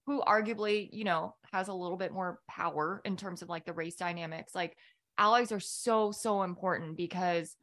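A woman's voice: lowish voice, normal speed, a bit bright. A woman guest, an author and former reporter, speaking thoughtfully in a conversational interview.

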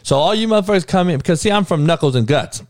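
A man rants about sports on his own show, swearing freely and wandering from point to point. His pitch swings widely as he gets worked up. The sound is dry and close, with no room echo. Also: expressive, quick pace. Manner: profane, heated, rambling, calls listeners dog. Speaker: podcast host. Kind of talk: casual sports rant.

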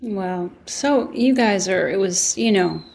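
Soft-spoken, thoughtful woman. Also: medium pitch, slow, creaky, husky. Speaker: actress reminiscing with former castmates. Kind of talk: casual chat.

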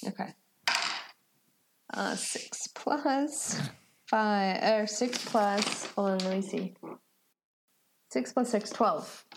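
A woman's voice: mid-range voice, drawn-out words, long pauses, noisy background. A woman playing a tabletop game, thinking aloud in a hesitant, casual way. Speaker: player.

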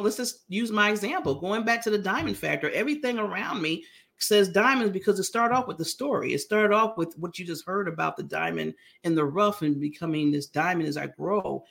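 A middle-aged woman speaks as an interview guest with a gravelly edge to her voice. She talks in a lively, animated way, often laughing and humming tunes. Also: mid-range voice, normal speed. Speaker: guest, brand founder. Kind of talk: casual interview talk.

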